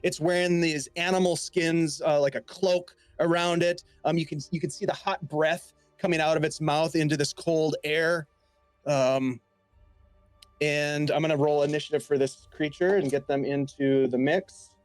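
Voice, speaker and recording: A man's voice: fairly high pitch, fairly even intonation, normal speed, clear, resonant tone, no room sound, faint music behind. A man running a tabletop game as game master, narrating in a rambling way with many fillers.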